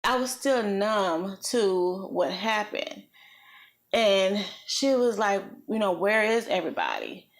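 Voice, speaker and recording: A woman vlogger recounting a personal experience in an earnest, reflective way, slow and halting with many pauses. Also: medium pitch. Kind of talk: personal storytelling.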